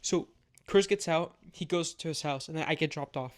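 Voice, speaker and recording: A man's voice: fairly high pitch, normal speed. A young man telling a casual, rambling story time with lots of filler words and swearing.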